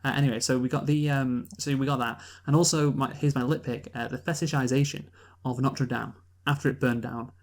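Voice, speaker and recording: Man, podcast co-host, mid-range voice, hesitant and deadpan. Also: mid-range voice. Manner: halting, many fillers and restarts, dry sarcastic humor. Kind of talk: casual movie review chat.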